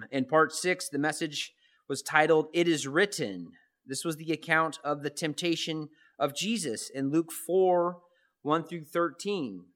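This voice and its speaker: A man's voice: fairly high pitch, a little slow, fairly bright tone. A man preaching a sermon in a conversational way, often restarting phrases and asking rhetorical questions. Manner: conversational, repeats words and asks rhetorical questions. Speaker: pastor.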